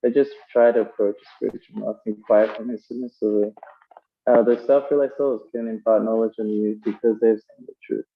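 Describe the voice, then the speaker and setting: A man's voice: fairly low pitch, steady tone, brisk, muffled recording. A man giving a conversational sermon, telling stories and using fillers as he explains scripture. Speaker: preacher.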